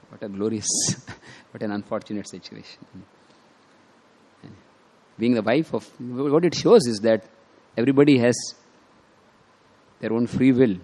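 A man's voice: mid-range voice, unhurried, long pauses, mellow. A man preaching as he retells a devotional story, acting out quotes with small laughs. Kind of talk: sermon storytelling.

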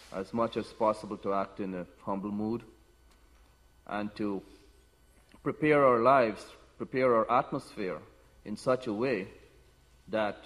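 A man giving a devotional talk, telling personal stories in an unhurried way with frequent restarts. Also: fairly low pitch. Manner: unhurried storytelling with many restarts. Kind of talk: sermon with personal anecdotes. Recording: long hall reverb.

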